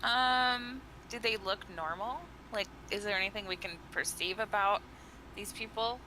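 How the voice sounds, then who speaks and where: A woman in a middle-pitched voice speaks slowly as a tabletop player. She keeps asking curious, probing questions. Clear background noise runs under her voice. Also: pushed and bright, rough recording.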